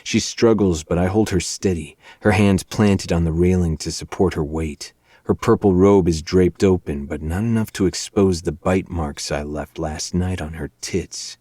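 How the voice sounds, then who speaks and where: A man with a very deep voice reads a novel aloud in a low, measured first-person narration. The recording is dry and close, with no room sound around him. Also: warm tone, no room sound. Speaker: podcast host. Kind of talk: audiobook-style narration of a dark romance novel.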